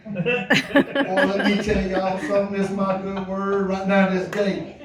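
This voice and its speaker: Man, stand-up storytelling, high voice, very echoey club, far from mic. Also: unhurried. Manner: animated, colloquial, laughs while telling. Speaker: first-time comedian. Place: comedy club stage.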